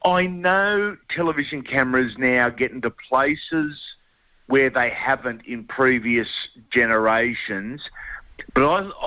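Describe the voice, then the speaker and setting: A man's voice: medium pitch, bright, forceful tone, no room sound, muffled recording. An Australian man, a guest sports broadcaster, in casual radio chat, blunt and colloquial. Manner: blunt, colloquial, says mate a lot.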